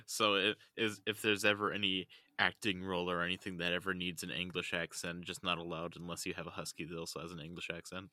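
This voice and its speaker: Playful, giggly young male co-host, very deep and sharp-toned. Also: flat delivery, fast talker, few pauses, no room sound. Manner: giggly, playful, keeps laughing. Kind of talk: casual chat.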